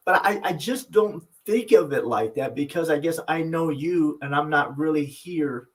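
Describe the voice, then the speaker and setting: A man's voice: on the high side, normal speed, hardly any pauses, low-quality recording. A man co-hosting a podcast with his wife, telling stories in an earnest, reflective way. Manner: earnest, reflective storyteller, many restarts. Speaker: podcast co-host. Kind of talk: casual couple chat.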